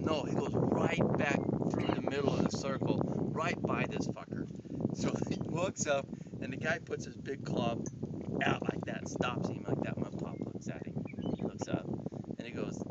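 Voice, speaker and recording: A man casually telling a story to friends outdoors on a cattle drive, profane and animated, laughing as he goes. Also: medium pitch. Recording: muffled, loud outdoor wind noise.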